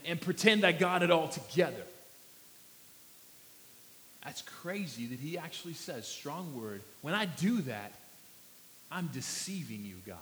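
A man preaching a sermon and telling a family story in an animated way, acting out his small son's voice. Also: fairly high pitch, slight background noise. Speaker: pastor. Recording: long reverb of a large hall.

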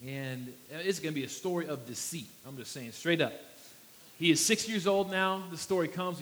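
High-voiced man preaching in a reverberant hall. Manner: animated storytelling, acting out a child's voice. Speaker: pastor. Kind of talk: sermon with personal story. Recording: long reverb of a large hall.

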